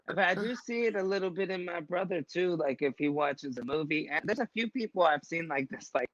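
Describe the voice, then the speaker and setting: A man's voice: high voice, lively intonation, fairly quick, a bit bright, no echo. Male co-host, laid-back storyteller, dry and muffled audio. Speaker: podcast co-host. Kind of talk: casual chat. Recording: dull lo-fi sound.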